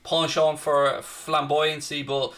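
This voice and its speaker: A man's voice: fairly high pitch, little pitch movement, slow pace, fairly bright tone. A man, hosting a live football watchalong with brash, crude, mock-boastful banter. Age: 30s. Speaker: host.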